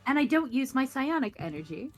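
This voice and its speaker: A woman playing a tabletop game, expressive and swearing freely as she talks through her turns. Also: high voice, fairly quick, faint music behind. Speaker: player. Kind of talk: casual tabletop game play.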